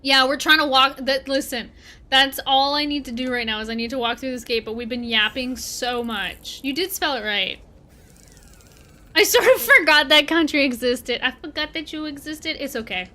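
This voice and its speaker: A Canadian woman streaming a game, her voice high and bright. She chats loosely with her viewers as she plays and answers them as they come in. The talk is casual and rambling. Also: fairly even intonation, moderate pace. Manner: chatty, talks back to chat while playing. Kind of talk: casual livestream chat.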